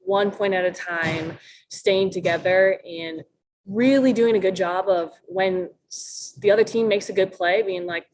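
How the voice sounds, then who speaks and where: A woman's voice: lowish voice, steady tone, brisk, low-quality recording. A young woman from Minnesota, a college volleyball player, answering podcast interview questions in a chatty way, laughing often and acting out quotes. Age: young adult.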